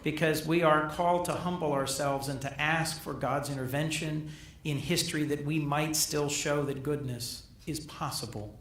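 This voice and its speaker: A middle-aged man addresses a gala crowd in formal, emphatic oratory, often repeating his key phrases. His voice sits somewhat high. The hall's reverb is strong, and the mic catches him from some distance. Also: steady tone, normal speed, fairly bright tone. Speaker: senator giving a gala speech. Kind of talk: formal political speech. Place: large banquet hall. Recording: echoey hall, captured from a distance.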